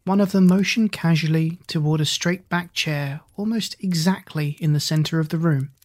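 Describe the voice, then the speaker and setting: A man reading a hard-boiled crime story aloud in a measured storytelling voice. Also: fairly high pitch, a little mellow. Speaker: narrator. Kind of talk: audiobook narration.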